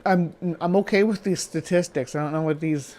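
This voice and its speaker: A man hosting a live stream, arguing back at a clip in halting sentences with many restarts. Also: a little high, darkish tone. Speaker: stream host reacting to a video. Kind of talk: live-stream reaction commentary.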